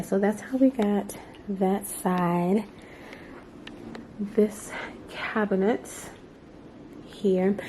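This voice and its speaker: A woman giving a relaxed, chatty tour of her living room, talking straight to her viewers and calling them "y'all". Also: fairly low pitch, slight background noise. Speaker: home decor vlogger. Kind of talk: casual home tour chat.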